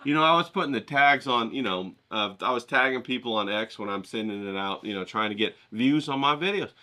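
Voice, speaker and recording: A middle-aged man rambling casually to his viewers, profane and animated, acting out the voices of the people he quotes. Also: mid-range voice, fairly quick. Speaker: vlogger painting outdoors.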